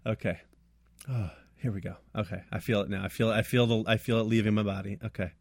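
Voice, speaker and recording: A man's voice: on the low side, steady tone, quick pace, no echo. A man co-hosting a casual film chat, who keeps breaking into laughter mid-sentence. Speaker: podcast co-host. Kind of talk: casual chat about films.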